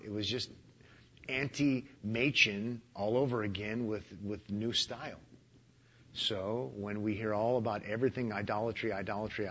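A man with a fairly low voice talks bluntly and thinks aloud in an interview, dropping in dry humor. The recording sounds muffled, with a faint hiss underneath. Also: fairly bright tone. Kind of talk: conversational radio interview.

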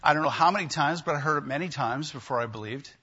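A man's voice: a little high, quick pace, bright, forceful tone, husky, highs cut off. A man preaching a sermon in a conversational way, often asking his listeners questions. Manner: conversational, asks the congregation questions. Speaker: pastor.

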